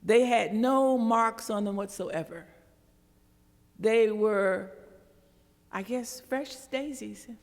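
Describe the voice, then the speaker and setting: A woman's voice: a little high, takes it slowly, pauses often. A woman retelling a Bible story at an interfaith prayer service, in a chatty, conversational way with casual asides. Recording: long hall reverb.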